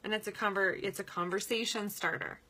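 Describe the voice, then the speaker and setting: A woman's voice: mid-range voice, steady tone, a little fast, bright, forceful tone. A woman giving a casual coaching talk as a sales team leader. She sounds upbeat and chatty, laughs often and uses many fillers.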